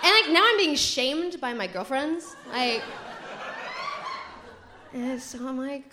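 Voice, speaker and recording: A young adult woman telling a comedic story to a live audience, animated and giggly, acting out her friends' voices. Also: high-pitched, brisk, background noise.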